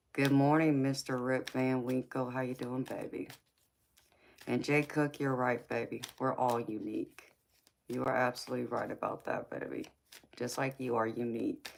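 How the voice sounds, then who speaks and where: A woman's voice: very deep voice, flat delivery, normal speed, gravelly, slight background noise. A woman hosting a casual live chat, teasing viewers playfully, laughing often and calling them baby and sweetheart.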